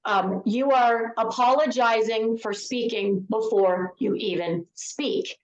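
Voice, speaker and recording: A woman's voice: fairly high pitch, expressive, slow, hardly any pauses, muffled recording. A woman author and confidence speaker talking in a podcast interview, emphatic and given to repeating her key points. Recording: echoey room.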